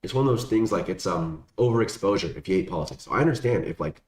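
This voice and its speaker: A young adult man talks fast and animatedly in a low voice, casually answering questions from viewers. His chat rambles with slang and constant fillers, and the recording has room echo and faint background noise.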